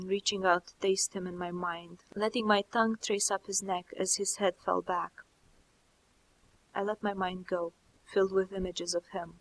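A woman narrating a first-person story in a soft, slow, intimate reading. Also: mid-range voice, low-quality recording. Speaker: audiobook narrator.

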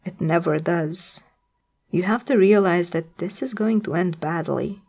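A woman reading the lines of a gruff, weary, wary man who speaks haltingly in a storybook. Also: high voice, darkish tone, full character voice. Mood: gruff rueful. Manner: halting, restarting confession.

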